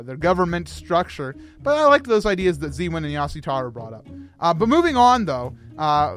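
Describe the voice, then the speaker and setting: A man hosting a casual livestream discussion about a game, excitable and rambling, often laughing at himself. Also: high voice. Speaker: host.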